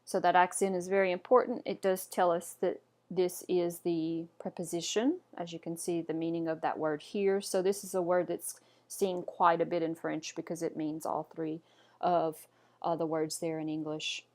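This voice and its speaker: A woman teaching French pronunciation in a patient lesson, saying each word slowly and repeating it for learners. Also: on the low side, level tone, darkish tone. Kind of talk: instructional lesson. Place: indoors, camera off.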